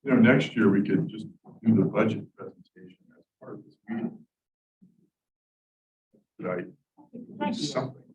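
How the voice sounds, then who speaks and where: A man's voice: fairly low pitch, moderate pace, pauses often, a little mellow. A man at a county committee meeting, conversationally floating suggestions. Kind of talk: meeting discussion. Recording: tinny distant echoey sound.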